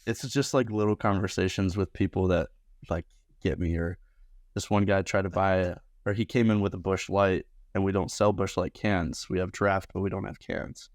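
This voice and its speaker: Młody mężczyzna z niskim głosem, ożywiony gawędziarz, suche nagranie z bliska. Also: male voice, normal speed, no room sound, studio quality. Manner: animated, acts out quotes in higher voices. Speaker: podcast guest, bartender. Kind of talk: casual storytelling.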